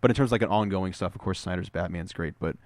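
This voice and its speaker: A man co-hosting a podcast, retelling comic book scenes as an animated storyteller in casual chat. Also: sits low, fast, dry recording. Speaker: podcast co-host.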